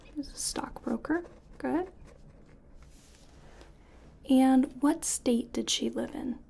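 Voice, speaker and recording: A woman in a whispered role-play as a clinician, giving gentle, patient step-by-step instructions in a soft, breathy whisper. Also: high-pitched, slow pace. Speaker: ASMR artist playing a clinician giving cognitive tests.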